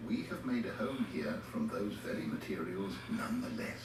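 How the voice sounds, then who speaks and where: An actor playing an older male scholar who speaks in a measured, formal, musing way. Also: low-pitched, animated, music in the background. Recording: echoey game audio from a TV, heard from far off.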